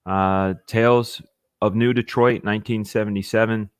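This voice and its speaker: A man hosting a casual livestream, talking with eager enthusiasm and halting restarts, sometimes with his mouth full. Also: on the low side, steady tone, clear, resonant tone, dry recording, studio quality. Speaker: livestream host.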